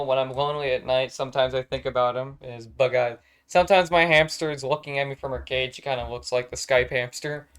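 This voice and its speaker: A man talks off the cuff on a live stream from home, his pitch sitting in an ordinary middle range. He rambles, swears often and gets exasperated quickly, as if chatting with an audience in real time. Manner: rambling, profane and easily exasperated. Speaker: streamer ranking characters on a tier list. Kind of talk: casual live-stream chat.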